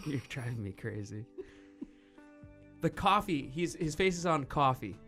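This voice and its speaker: A man hosting a radio talk show, bantering casually and rambling in an animated, teasing way. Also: mid-range voice, takes it slowly, soft background music.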